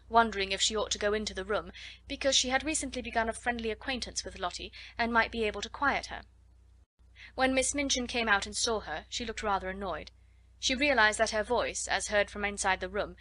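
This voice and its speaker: A woman reading a classic children's novel aloud as an audiobook narrator, steady and clear. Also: fairly high pitch, no echo. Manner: steady storytelling. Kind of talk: scripted narration.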